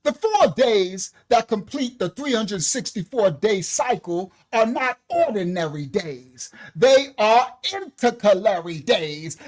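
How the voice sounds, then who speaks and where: Male bible teacher on a livestream, energetic, breaks into exclamations and loose colloquial asides. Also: extremely high pitch. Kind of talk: livestreamed scripture lesson. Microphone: own microphone.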